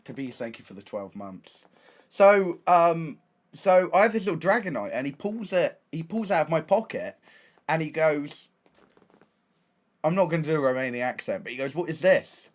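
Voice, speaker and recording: A young man with an English accent, a streamer telling a story in a casual, excitable way, full of slang and restarts. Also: fairly high pitch, moderate pace. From England.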